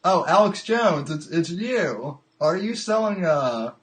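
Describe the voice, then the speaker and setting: A male podcast host chats casually with his live audience and callers, in a somewhat high voice. He talks slowly and haltingly, restarting phrases and trailing off with an amused tone. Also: big pitch swings. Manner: halting, repeats words, amused. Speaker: podcast host taking calls. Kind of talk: casual live-stream chat.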